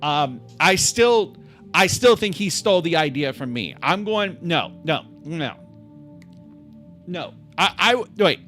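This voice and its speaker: Animated, sarcastic man streaming. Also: on the high side, slow, soft background music. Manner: animated, sarcastic, mock-outraged. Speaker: livestream host. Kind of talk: casual live-stream chat.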